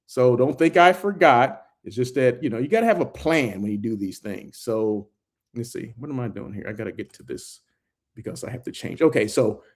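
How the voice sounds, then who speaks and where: Man, mid-pitch, walk-and-talk vlogger, chatty and excitable, many asides. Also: a little fast. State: out of breath while walking. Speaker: hotel industry vlogger. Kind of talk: casual vlog walkthrough and talk. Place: hotel grounds, indoors and out.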